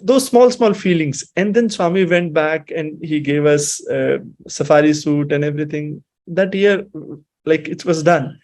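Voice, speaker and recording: A man in his thirties from Himachal with an Indian English accent, sharing a personal devotional story in a reflective, emotional and halting way. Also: on the high side, darkish tone. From Himachal Pradesh, India. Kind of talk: personal testimony, mixing English and Hindi.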